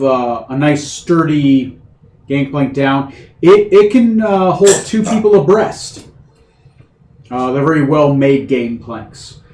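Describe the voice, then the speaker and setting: A man narrates a tabletop game as game master at a middle pitch. His speech is hesitant and full of fillers. The sound carries the echo of a room. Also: a little mellow. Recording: echoey room.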